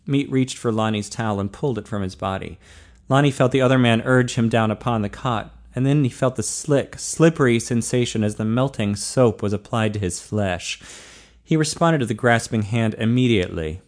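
A man narrating a story aloud in a steady, low-key reading. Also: moderate pace. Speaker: audiobook narrator. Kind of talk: scripted narration.

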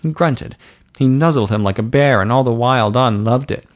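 A man's voice: medium pitch, normal speed. Man narrating a story aloud. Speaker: audiobook narrator. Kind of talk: scripted narration.

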